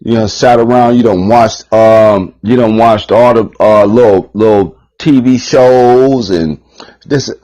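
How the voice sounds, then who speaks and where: A man's voice: lowish voice, slow pace, mellow, lo-fi sound. A man giving a rambling, heated, profane monologue on his channel, repeating himself and swearing often. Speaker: channel host.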